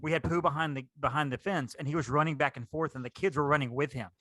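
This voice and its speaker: A man's voice: a little high, steady tone, fast, a bit bright, no room sound. A man, co-hosting a podcast in casual, rambling chat. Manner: rambling, enthusiastic, repeats words. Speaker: podcast co-host.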